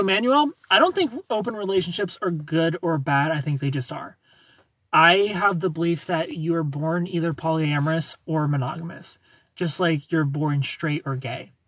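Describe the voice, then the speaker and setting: Husky-voiced man on a livestream. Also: a little high, fairly bright tone, dry recording. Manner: playful, chatty, greets viewers by name. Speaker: livestream host. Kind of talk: casual livestream chat.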